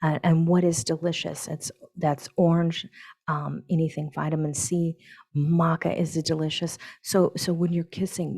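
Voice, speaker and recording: A woman giving a spiritual astrology forecast, talking in a dramatic, sensual way with slow stretched words, whispered asides and chatty "right?" and "honey" tags. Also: low-pitched, a little mellow.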